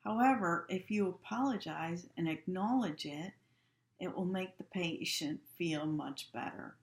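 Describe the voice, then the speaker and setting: A woman giving a practical instructional lecture on handling upset patients, calm and practical in manner. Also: lowish voice, unhurried. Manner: calm, practical, acts out example dialogues. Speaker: healthcare instructor. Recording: echoey room.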